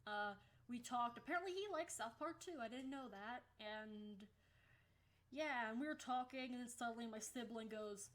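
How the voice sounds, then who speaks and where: A young woman talks through a casual vlog in a chatty, blunt way, dropping swear words offhandedly. Her voice sits a little on the high side. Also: moderate pace, a bit bright. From United States. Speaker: vlogger.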